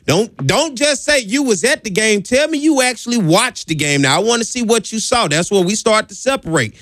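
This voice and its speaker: A man's voice: a little high, a little fast, a bit bright, no room sound, clean studio sound. A man hosting a sports talk radio show, joking and slangy as he talks to guests and callers.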